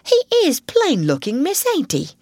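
Woman reads a shy young servant girl: high, nervous, plain-spoken, dry sound. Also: huge pitch swings, normal speed, darkish tone, no echo, full character voice. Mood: curious.

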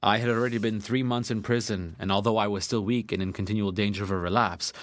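Low-voiced man narrating a classic novel. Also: fairly even intonation, quick pace. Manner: earnest, dramatic, old-fashioned diction. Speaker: audiobook narrator.

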